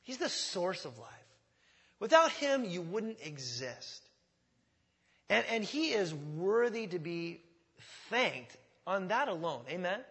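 A man preaching a sermon as pastor, in a conversational style that swells loud on key words, coughing at times, in a church. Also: high-pitched, very animated, slow. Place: church sanctuary.

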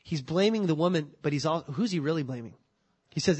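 Lively preaching man with a higher voice. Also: normal speed, slightly rough. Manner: animated, acts out quoted excuses in voices. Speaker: pastor. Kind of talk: sermon.

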